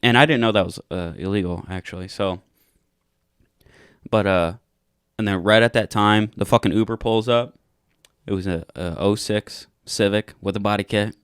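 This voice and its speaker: A man's voice: fairly low pitch, normal speed, clear, resonant tone, no echo, studio quality. A young man co-hosting a podcast, telling a long drunken night-out story in a casual, profane way and acting out the quotes. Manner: profane, animated retelling with acted-out quotes. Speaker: podcast co-host.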